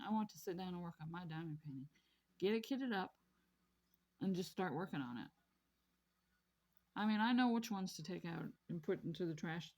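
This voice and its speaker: A woman's voice: mid-range voice, darkish tone. A woman vlogging casually about her craft hobby, rambling and repeating herself in an easygoing way. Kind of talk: casual chat while crafting.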